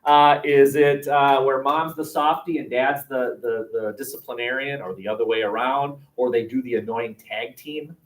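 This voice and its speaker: A man teaching a class, lively and joking, asking students questions. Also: mid-range voice, moderate pace, few pauses. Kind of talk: classroom lecture. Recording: echoey classroom from far off.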